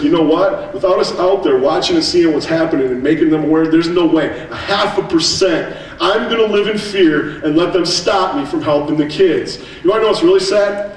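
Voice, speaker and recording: American male keynote speaker, animated and joking, recorded from afar with light hiss. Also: fairly high pitch. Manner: animated storytelling with quick asides. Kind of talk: conference keynote. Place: large hall. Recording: echoey hall, distant mic, faint noise.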